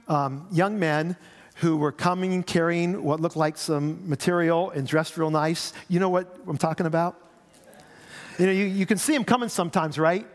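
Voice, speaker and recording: A middle-aged man, a pastor, preaching a sermon in a conversational way, often repeating his words. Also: on the high side. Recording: long hall reverb.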